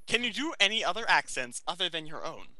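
A man's voice: sits high, big pitch swings, crowd noise, poor audio. A teenage man hosting a casual group podcast, reading out questions and laughing easily. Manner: giggly, quick to laugh.

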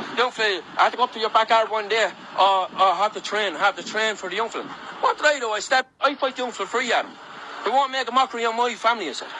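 A man's voice: very high voice, noisy background. A man in an angry, repetitive rant, taunting and insulting someone and challenging him to fight.

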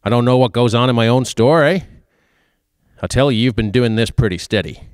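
A man reading aloud and voicing a stern older male drugstore owner who speaks quietly and accuses bluntly. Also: medium pitch, fairly quick, clean tone, no room sound, studio quality, natural voice. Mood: accusing.

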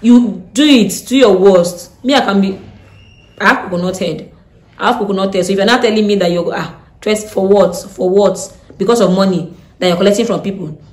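Nigerian woman, young adult, rapid storytime chat, echoey room. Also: mid-range voice. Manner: animated, blunt, Pidgin-laced storytelling. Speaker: vlogger. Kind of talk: casual storytime.

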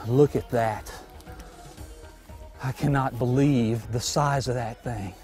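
A breathless bowhunter man talks outdoors at night, stumbling over his words and repeating himself in disbelief. His voice sits at an ordinary middle pitch. Faint music plays underneath. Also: fairly even intonation, slow pace, warm tone. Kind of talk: excited field commentary after a shot.

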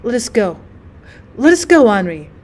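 A woman's voice: a little high, very animated, normal speed, darkish tone. A woman reading the lines of a grief-stricken middle-aged lady, tearful and pleading. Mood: grieving.

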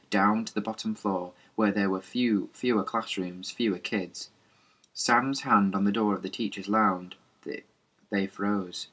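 A man's voice: fairly low pitch, a bit bright. A man reading a novel aloud as an audiobook, plainly, with small slips and restarts. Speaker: reader.

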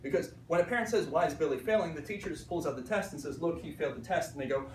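Very fast and fairly high-pitched, a Pittsburgh man who teaches art delivers an animated conference talk to teachers, performing voices and repeatedly asking "right?" The conference room sounds echoey, recorded from far off with slight background noise.

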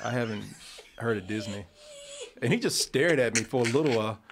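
Medium-pitched and a little fast, against a noisy background, a podcast host on a casual talk show tells a story full of restarts. He animatedly plays both parties in the exchange and swears a lot.

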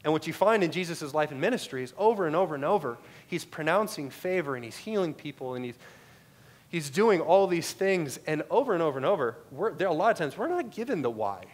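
A man's voice: a little high, sing-song, quick pace. A man with an American accent preaching a sermon to a congregation, telling stories and asking repeated rhetorical questions. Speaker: pastor.

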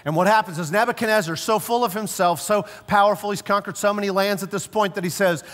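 A man preaching a sermon as pastor, telling stories emphatically and slowing down and dropping low to stress key words. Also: fairly bright tone, in a large hall. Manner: storytelling, emphatic, slows and drops low for stress. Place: church sanctuary.

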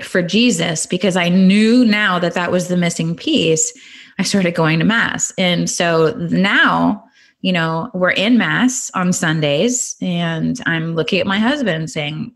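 A middle-aged woman from California, a guest on a podcast interview, telling her personal testimony in an earnest, animated way. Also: fairly low pitch.

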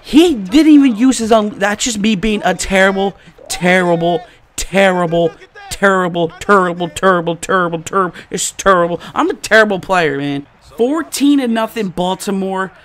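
A man hosting a gaming channel, giving live let's-play commentary and reacting excitably to each play. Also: sits high, moderate pace. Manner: excitable, yelling and groaning at plays.

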